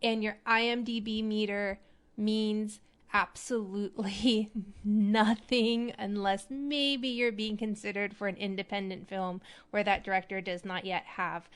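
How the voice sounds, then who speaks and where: A woman hosting an acting advice show, talking in a chatty, animated way. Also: medium pitch, unhurried, clean tone. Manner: chatty, animated, demonstrates voices. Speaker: podcast host.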